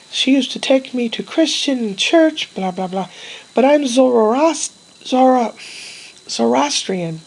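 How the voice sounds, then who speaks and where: A middle-aged woman vlogging casually, telling a rambling personal story in a meandering, wistful way with pauses and trailing sighs. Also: on the high side, vocal fry, darkish tone, breathy edge, poor audio.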